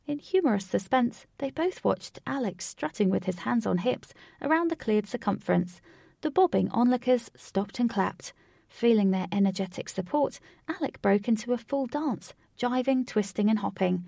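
A woman narrating a storybook in a steady, expressive reading voice. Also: fairly high pitch, moderate pace, vocal fry, no echo, studio quality. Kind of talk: storybook read-aloud narration.

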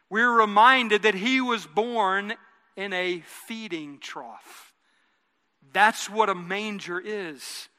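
A high-pitched, very bright male pastor preaching a conversational sermon in a church. He often repeats and restarts phrases and has the congregation say lines back with him. His voice carries a long hall reverb. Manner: repeats words and restarts phrases while building a point. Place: church sanctuary.

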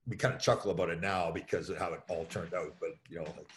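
A man's voice: sits low, fairly even intonation, quick pace, a bit bright. A middle-aged man, a former pro hockey player, telling anecdotes as an interview guest, with plenty of fillers. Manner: anecdotal, many fillers, acts out voices in quotes. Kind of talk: storytelling in an interview.

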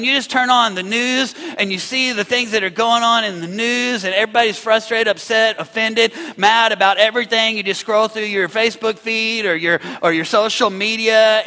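A bright, high-pitched man preaches to his congregation, calling on them to respond out loud. His voice carries a long reverb from the large church hall. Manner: energetic, calls on the congregation to respond. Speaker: pastor. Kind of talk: sermon.

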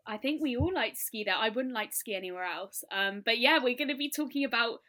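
Bright, chatty young woman. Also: on the high side, lively intonation, quick pace. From France. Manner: chatty, enthusiastic, rambling. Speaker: podcast co-host. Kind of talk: casual chat.

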